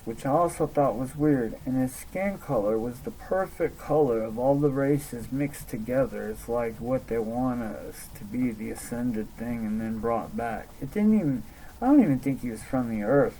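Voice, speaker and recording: A man's voice: medium pitch, warm tone, slight background noise, rough recording. A young man telling a rambling personal story in a casual monologue, with many restarts and swearing. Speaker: vlogger.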